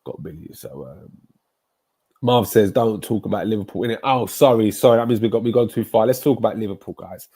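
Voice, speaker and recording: A man rambles through a casual live-stream chat, animated and full of slang. His voice sits a little low, and he often repeats himself as he talks. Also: a little fast, husky. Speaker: football streamer chatting with viewers.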